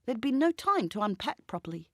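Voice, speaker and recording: A woman's voice: a little high, no room sound, clean studio sound. Woman reading a novel aloud. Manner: even, measured storytelling. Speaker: reader. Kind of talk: scripted narration.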